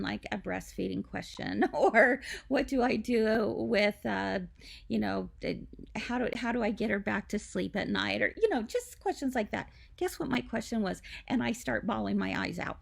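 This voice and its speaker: A woman's voice: fairly high pitch, expressive, moderate pace, gravelly. A woman hosting a live craft tutorial for a quilt shop from home, chatty and confiding with lots of asides.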